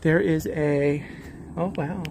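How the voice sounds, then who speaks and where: A man's voice: fairly high pitch, steady tone, takes it slowly, creaky, darkish tone, slight background noise. A man live-streaming a hike, chatting in an easygoing, rambling way as he walks, a little out of breath. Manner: rambling, easygoing commentary while walking. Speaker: vlogger. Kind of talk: live-streamed hiking chat. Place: outdoors on a hiking trail by a lake.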